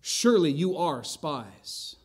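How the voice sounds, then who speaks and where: A man's voice: a little high, big pitch swings, slow pace, husky, full character voice. A man voicing a stern, powerful ancient governor who accuses strangers of spying, read aloud from scripture during a sermon. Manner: accusing, formal scripture reading.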